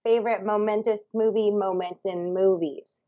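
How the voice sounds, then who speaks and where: A woman's voice: medium pitch, fairly even intonation, normal speed, mellow. Giggly chatty woman, lo-fi sound. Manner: giggly, chatty, sings snippets. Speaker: podcast co-host. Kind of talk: casual chat. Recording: dull lo-fi sound.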